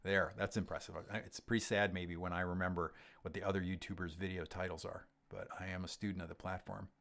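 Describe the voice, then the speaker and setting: Deep-voiced man chatting loosely on a livestream. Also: fast, creaky. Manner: relaxed, rambling, frequent ums and restarts. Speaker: host of a gear livestream. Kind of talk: casual livestream chat reading comments.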